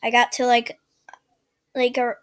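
High-voiced, giggly woman gaming. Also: a little slow. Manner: giggly, excitable, chatty. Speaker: gamer. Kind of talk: let's-play commentary.

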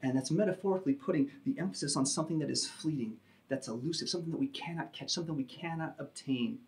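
A man preaches from the pulpit in an emphatic, teaching style, his voice sitting a little high for a man. He leans into key words and often pauses with small fillers as he explains the text. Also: a little mellow. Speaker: pastor. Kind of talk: sermon.

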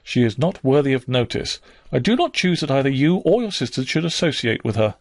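A man's voice: mid-range voice, very animated, brisk, no room sound, studio quality. A man voicing a stern, cold middle-aged woman in an audiobook, speaking sharply and dismissively.

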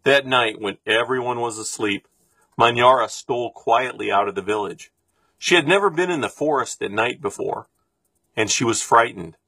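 Man reading a storybook aloud: husky, steady, expressive, dry close recording. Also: mid-range voice, moderate pace, no echo. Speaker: reader.

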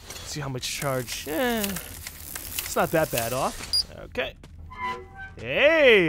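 A man giving casual, excitable gameplay commentary with swearing and chatty asides. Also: on the high side, a little hiss or hum. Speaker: let's-play gamer.

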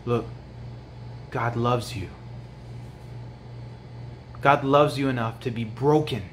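A man preaching a sermon to other men, swinging from hushed, low lines to loud, pleading highs. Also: slight background noise.

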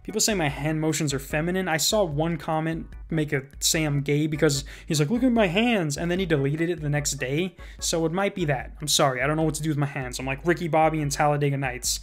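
A man with a slightly high voice answers viewer comments in a sarcastic, joking way. He speaks properly and enunciates every syllable. Faint music plays behind him. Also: steady tone, fast talker, hardly any pauses. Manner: proper, carefully enunciated speech. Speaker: YouTube commentator reading comments. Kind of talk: casual commentary reacting to comments.

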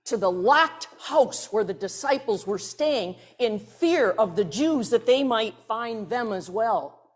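Slow, breathy woman preacher. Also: a little high. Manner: expressive, intimate, drops to soft near-whispers. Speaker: pastor. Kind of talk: sermon with dramatic storytelling.

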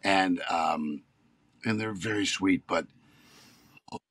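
An actor in his fifties tells animated stories on a podcast in casual chat, getting heated as he goes. He speaks slowly in a low voice with a breathy edge.

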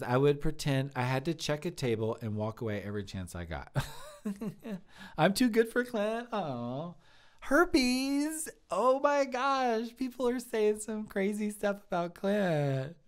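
A man's voice: on the high side, very animated, a little slow, smooth. A man playing Bridget, a gushing chatty waitress. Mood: bubbly. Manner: rambling, giggly, lots of "like" fillers. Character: chatty young woman restaurant lead server, bubbly. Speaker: live-stream comedy host in character. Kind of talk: improvised character comedy.

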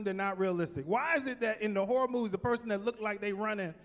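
High, lively male stand-up comic in a hall. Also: fast, hardly any pauses. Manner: animated, punchy delivery with rising exclamations. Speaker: stand-up comedian. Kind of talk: stand-up comedy set. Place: large theater stage. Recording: live hall with long reverb.

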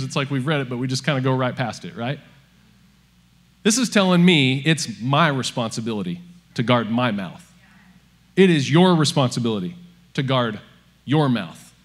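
A male pastor, preaching a sermon in a lively, conversational way with frequent asides to the congregation. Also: mid-range voice. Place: church auditorium. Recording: long hall reverb with faint music.

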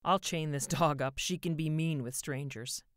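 A woman's voice: deep voice, fairly even intonation, moderate pace, no echo, studio quality, close to an everyday voice. A woman doing a cordial older father.

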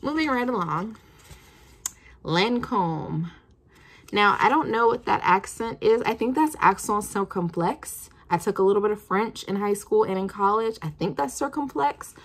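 A woman's voice: mid-range voice, lively intonation, measured pace. A woman in her twenties chatting casually as she reviews perfumes, thinking aloud with plenty of fillers. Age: 20s.

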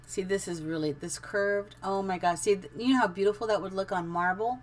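A middle-aged woman with a mid-range voice chats fairly quickly over her live-streamed building game. She's giggly and casual, thinking aloud as she goes.

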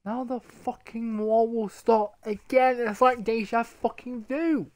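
A man's voice: very high voice, slow pace. A man streaming a game live, swearing constantly and grumbling in frustration as he plays. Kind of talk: live gameplay commentary.

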